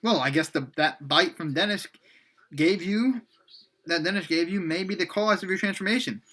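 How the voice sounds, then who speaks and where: Brief: a man playing young male hybrid, hesitant, bright tone. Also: high voice, normal speed, pitched above the performer's own voice. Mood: resigned.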